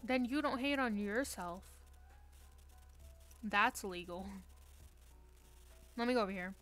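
A woman's voice: medium pitch, slow, fairly bright tone, faint music behind. A young woman streaming a game from her room, chatting casually with playful, self-mocking trash talk. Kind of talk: casual live-stream chat while gaming.

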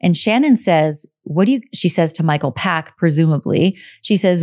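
A woman's voice: fairly low pitch, animated, normal speed, darkish tone. A woman hosting a podcast, telling a true crime case in a casual, conversational way and often adding her own take. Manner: conversational, hedges with personal takes. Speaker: podcast host.

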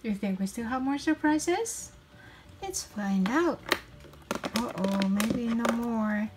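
A young woman chats through a toy unboxing at a slow, unhurried pace, giggling and cheering at each small find. Her voice sits fairly high, and loud crinkling of packaging and clicks run behind her throughout. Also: animated, noisy background. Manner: chatty, giggly, cheerful exclamations. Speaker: toy unboxing channel host. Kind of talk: casual toy unboxing vlog.

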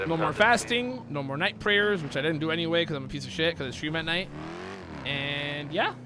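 A man's voice: fairly high pitch, a little fast. A young man chatting casually while he streams a game, loose and chatty with offhand swearing. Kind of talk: casual chat while playing. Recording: faint background noise.

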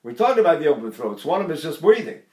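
Older male voice teacher, roomy echo. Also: a little high. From Texas. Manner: lively, chatty teaching with quick asides and chuckles. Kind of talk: vocal technique lesson with spoken demonstrations.

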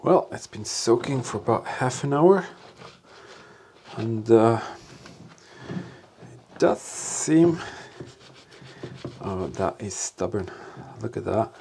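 A middle-aged man talking through a casual vlog, excited and talking to himself and to viewers, outdoors in freezing cold and later in a workshop. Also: on the low side, unhurried, gravelly, slight background noise. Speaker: history hunting vlogger.

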